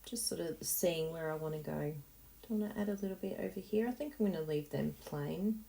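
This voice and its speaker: A woman's voice: lowish voice, brisk, gravelly, mellow, slight background noise. A woman hosting a card-making tutorial, chatting encouragingly and thinking aloud as she works. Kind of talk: casual tutorial talk while crafting.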